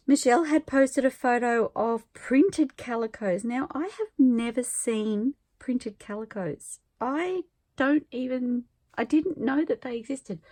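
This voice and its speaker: Woman, middle-aged, teary and gushing, slow unhurried talk, soft mellow tone. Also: a little high. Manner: emotional, gushing, soft-spoken with laughs and sighs. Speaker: craft vlogger. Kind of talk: casual vlog, opening viewer mail.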